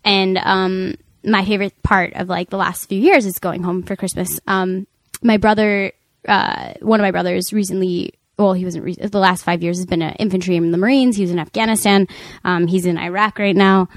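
A woman in her thirties, co-hosting a podcast and telling a family story in casual chat, animated and full of fillers and restarts. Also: medium pitch, moderate pace, no echo. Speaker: podcast co-host.

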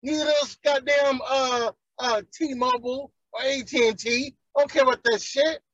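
A man's voice: extremely high pitch, fairly even intonation, a little slow, hardly any pauses, a bit bright, no room sound, lo-fi sound. A man, ranting heatedly and profanely in casual chat as a podcast co-host.

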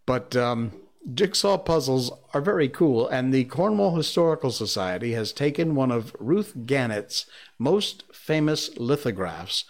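A man from Connecticut hosting a casual solo talk show, chatty and rambling with frequent asides. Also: medium pitch. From Connecticut, United States. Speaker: show host. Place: living in Malaysia.

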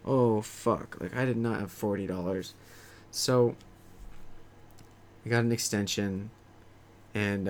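A man's voice: lowish voice, gravelly, slight background noise. A young man casually telling a profane, self-mocking story to camera. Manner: profane, self-mocking, rambling anecdote with acted-out quotes. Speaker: vlogger.

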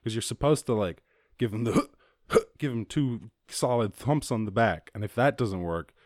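A young Irish man hosting a casual solo podcast, rambling and swearing freely, acting out quotes in a higher voice. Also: normal speed, darkish tone, no room sound, studio quality. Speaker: podcast host.

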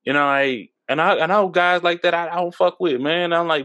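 A man from Texas in his thirties, hosting a podcast, talking politics in a loose, profane way and going high when he gets worked up, a little tipsy from drinking. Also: fairly quick, bright, forceful tone. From Texas, USA. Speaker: podcast host. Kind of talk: casual political chat.

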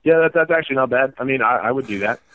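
A man guesting on a podcast in casual chat, self-mocking and a little halting. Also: medium pitch, fairly bright tone. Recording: tinny phone-like call line.

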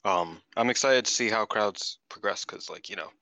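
A man co-hosting a podcast in casual chat, rambling and excitable, swearing freely. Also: on the low side, normal speed, gravelly, no echo. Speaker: podcast co-host.

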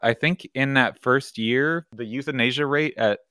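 A man casually recounting how he started a business, his talk loose, profane and full of "like" and "um". His voice sits at an ordinary middle pitch. The recording is close and dry, with no room sound. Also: normal speed, clean tone, no room sound. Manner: profane, animated, rambling with many fillers. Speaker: cat cafe co-founder. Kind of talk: casual storytelling interview.

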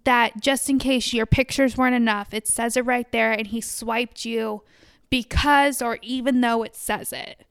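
A young woman talks frankly about her own life in a relaxed podcast chat. Her voice is smooth and clear, sitting slightly high. She speaks plainly and bluntly about herself. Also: a little slow. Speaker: podcast co-host. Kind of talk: casual chat.

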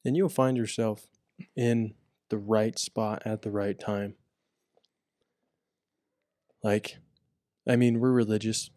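A young man co-hosting a podcast, talking earnestly in casual chat and getting animated as he retells a story. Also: on the low side, slow pace, pauses often, dry recording, clean studio sound. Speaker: podcast co-host.

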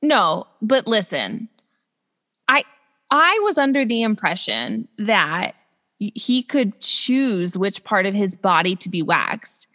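A young woman co-hosting a casual podcast, blunt and quick to swear while recapping a reality show. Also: medium pitch, very animated, bright, forceful tone, in a large hall. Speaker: podcast co-host.

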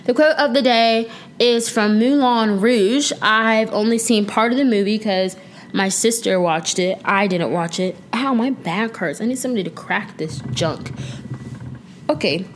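A woman's voice: fairly high pitch, unhurried, slight background noise. A young woman hosting a casual solo podcast, chatting playfully with slang and now and then breaking into song. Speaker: podcast host.

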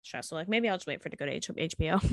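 A woman's voice: fairly low pitch, expressive, rapid-fire, darkish tone, dry recording, clean studio sound. A young woman guesting on a casual podcast chat, rambling and hedging with frequent laughs.

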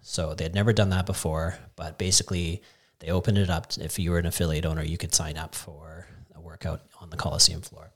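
A man's voice: sits low, level tone, fairly quick, a bit bright, slightly rough. A man co-hosting a casual podcast chat in an easygoing, agreeable way. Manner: easygoing, agreeable, backchannels often. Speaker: podcast co-host.

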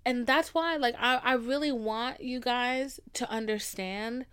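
A woman's voice: a little high, a little slow, clear, resonant tone. Candid young woman podcaster, openly emotional. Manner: emotional, candid, swings from soft murmurs to loud emphasis, swears freely. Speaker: podcast host. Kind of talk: candid personal talk.

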